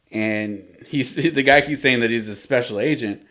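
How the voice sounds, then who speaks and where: A man's voice: medium pitch, slow pace, fairly bright tone. A man hosting a podcast, retelling a comic book story in a casual way and chuckling often as he goes. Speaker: podcast host.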